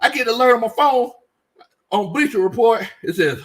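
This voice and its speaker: This sports show host rants animatedly in a high, husky voice that runs a little fast. Hosting a casual sports commentary livestream, he reads the chat, cracks jokes, and repeats himself for emphasis.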